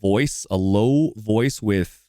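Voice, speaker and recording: An American man hosting a stream, chatting casually in an animated, joking way with lots of fillers. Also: fairly low pitch, very slow, clear, resonant tone, dry recording, clean studio sound. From United States. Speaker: streamer host. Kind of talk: casual chat.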